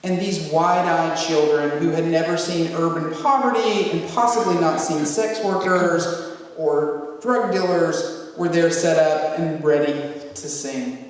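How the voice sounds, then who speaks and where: A woman pastor telling a humorous story in a sermon, acting out what people said in a lively way. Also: low voice, unhurried. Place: large church sanctuary. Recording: echoey hall from far off.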